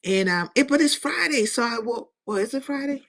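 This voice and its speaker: A woman's voice: fairly high pitch, expressive, a little fast, fairly bright tone. Loose profane woman livestreamer. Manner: loose, profane, rambling chat with chat readers. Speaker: livestream host. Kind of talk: casual livestream chat.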